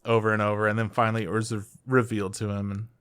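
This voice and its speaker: A man's voice: fairly low pitch, little pitch movement, very fast, a bit bright, smooth. A man co-hosting an anime podcast, recapping episodes in enthusiastic casual chat with fillers. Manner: enthusiastic recapping, frequent "like" and swearing. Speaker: podcast co-host.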